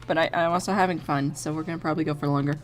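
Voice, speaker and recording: A woman's voice: sits low, fairly even intonation, rapid-fire. A young woman streaming from home, chatting casually while she draws, swearing and laughing as she tells stories and plays the people in them. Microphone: desk mic.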